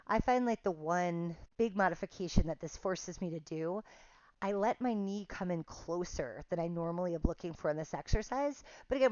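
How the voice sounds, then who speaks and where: This online pilates instructor talks her class through the workout, counting out reps and joking casually at her own expense. She has a fairly low-pitched voice, recorded with no echo and a somewhat dull sound.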